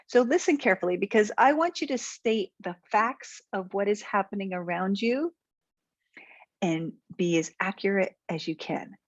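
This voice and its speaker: A woman coach with a medium-pitched voice speaks at a moderate pace straight to her viewers in a direct-to-camera tip video, assertive and encouraging as she lays out plain examples. The sound is dry and close with no echo, and her tone is slightly dull and muffled.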